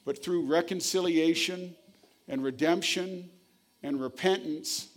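A man's voice: a little high, slow pace. A man preaching a sermon, telling a story and then reading scripture, earnest and emphatic. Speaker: pastor.

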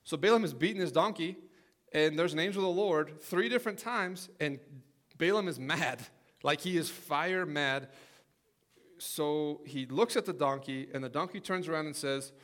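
A man's voice: a little high, normal speed, a bit bright. Casual, chatty male preacher. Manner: conversational, asks okay and right often. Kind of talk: casual sermon.

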